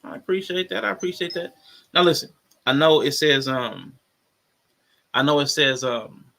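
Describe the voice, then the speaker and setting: Gravelly, bright-voiced male host. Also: on the high side, expressive, normal speed. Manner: playful, affirming, lots of backchannel. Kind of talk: casual podcast hosting.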